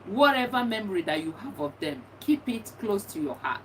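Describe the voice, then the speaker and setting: A woman's voice: medium pitch, big pitch swings, normal speed, a bit bright. A middle-aged woman, a bereaved mother, giving earnest and encouraging advice, often repeating herself. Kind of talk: personal testimony talk. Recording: distant mic with faint background noise.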